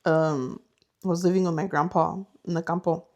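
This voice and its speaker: A woman's voice: lowish voice, normal speed, highs cut off. A woman co-hosting a podcast, telling ghost stories casually and acting out the voices and noises in them. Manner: animated, acts out voices and sounds in her stories. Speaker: podcast co-host. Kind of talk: casual storytelling chat.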